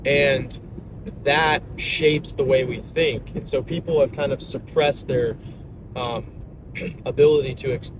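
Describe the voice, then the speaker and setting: Upbeat young guy rambling in slangy vlog talk, mid pitch, cars and traffic all around him outside. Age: young adult. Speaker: vlogger and salesman. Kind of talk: casual vlog chat. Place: outdoors by a road. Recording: outdoor traffic noise.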